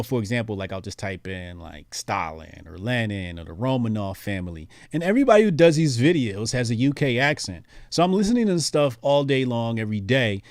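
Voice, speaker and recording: A laid-back man hosting a livestream and reading out viewer messages. His voice sits at a middling pitch, and his rambling talk is full of fillers. The recording is dry with no room echo. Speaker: livestream host.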